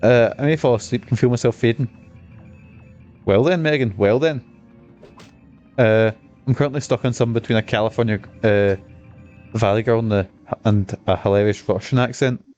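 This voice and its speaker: A man's voice: medium pitch, fairly even intonation, brisk, darkish tone, lo-fi sound, faint music behind. A man with a Scottish accent chatting through a video game, rambling, swearing and mocking himself. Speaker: streamer. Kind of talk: casual gameplay commentary.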